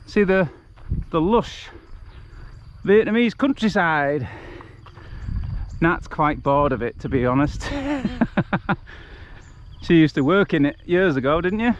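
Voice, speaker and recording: An Englishman chats as he walks down a country road, rambling through stories and laughing often. His voice sits fairly high. The outdoor recording comes from a handheld camera and sounds a little dull and lo-fi. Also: animated, takes it slowly, pauses often, slight background noise. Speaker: vlogger on a charity walk. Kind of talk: casual chat while walking.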